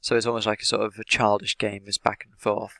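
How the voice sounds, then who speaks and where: A man with an English accent, an English teacher explaining the language of an interview in a measured way, with many "sort of" fillers. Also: lowish voice, flat delivery, creaky, pushed and bright, dry recording. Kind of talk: explanatory lesson analysing an interview.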